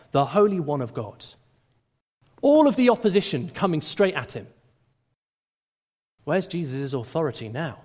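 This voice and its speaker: Male preacher, sermon, lively pitch, emphatic delivery, long hall reverb. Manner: animated, rising to emphatic quoted lines.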